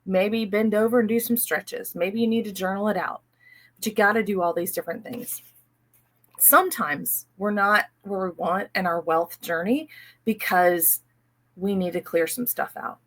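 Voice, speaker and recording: A woman hosting her own money mindset channel, talking casually and upbeat to her viewers and slipping into soft guided breathing passages. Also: mid-range voice, fairly even intonation, moderate pace. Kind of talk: casual personal talk to camera.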